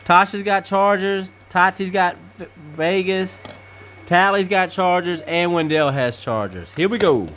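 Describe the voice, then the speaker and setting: Low-voiced woman hosting family picks. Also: fairly bright tone, a little hiss or hum. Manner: brisk, calls on each person and repeats their picks. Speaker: podcast host. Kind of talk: casual family sports-picks chat.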